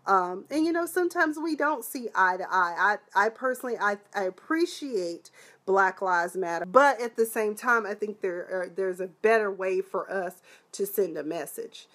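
A woman reviewing a TV episode in a casual live chat, animated and sassy, with lots of exclamations. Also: medium pitch, normal speed. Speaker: TV show reviewer.

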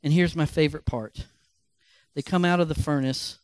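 A male pastor telling a Bible story as a sermon, animated and emphatic. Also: fairly high pitch, normal speed, no room sound.

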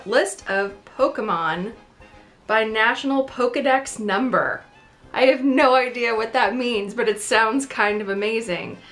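A woman's voice: on the high side, unhurried, fairly bright tone, soft background music. A woman vlogger in casual chat, playful and self-deprecating, talking to the camera.

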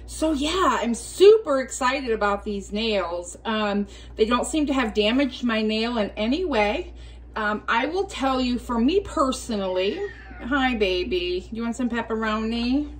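A woman vlogging casually from home, chatty and rambling, now and then talking to her cats in a soft baby voice. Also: a little high, animated, measured pace. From United States. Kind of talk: casual day-in-the-life vlog.

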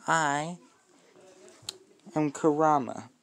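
A man's voice: fairly high pitch, drawn-out words, creaky, voice pushed up, exaggerated voice. A man voicing a sly, politely menacing female fox spirit lord in a homemade storybook tale. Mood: teasing.

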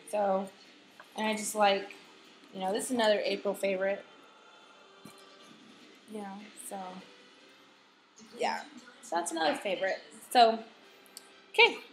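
A woman's voice: fairly high pitch, a little hiss or hum. A woman in her thirties, chatting casually in a monthly favorites vlog, rambling and full of "like" and "you know". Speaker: vlogger.

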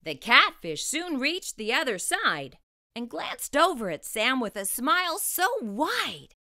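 A woman reading a rhyming children's picture book aloud, slow and expressive. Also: high-pitched, dry recording, studio quality. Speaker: storyteller. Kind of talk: children's storybook read-aloud.

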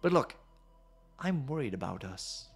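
A man reading the lines of a sinister female dark reflection in a low, hushed, condescending tone. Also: sing-song, a little slow, creaky, faint music behind. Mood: cold, scornful.

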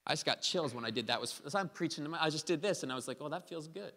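A man's voice: fairly high pitch, rapid-fire, pushed and bright, a little hiss or hum. A man preaching a sermon as pastor, passionate and building to emphatic peaks, acting out quoted speech. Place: church hall. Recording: reverberant hall.

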